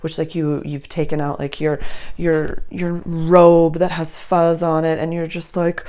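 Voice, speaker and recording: A woman's voice: low-pitched, little pitch movement, a little slow, darkish tone. A woman giving a casual, effusive astrology reading, rambling with many restarts. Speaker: astrology reader.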